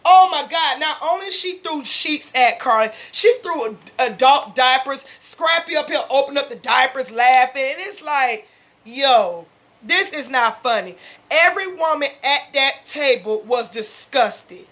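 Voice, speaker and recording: A woman's voice: high voice, lively intonation, measured pace, a bit bright. A woman vlogger, ranting bluntly and profanely as she recaps a reality show episode. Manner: fired-up, blunt, heavy profanity. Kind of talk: casual recap rant.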